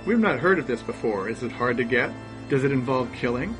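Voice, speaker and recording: A man's voice: mid-range voice, animated, brisk, over music, lightly acted, rough recording. A man voicing a plainspoken ape-man tribe that complains in a raised, plaintive way in a storybook reading. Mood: complaining.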